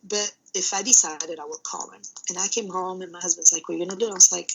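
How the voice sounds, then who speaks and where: A woman, a middle school art teacher, telling energetic stories in a casual podcast interview. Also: fairly low pitch, fast, creaky, hardly any pauses, background noise. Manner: energetic and loud, animated retelling. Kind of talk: casual conversational storytelling.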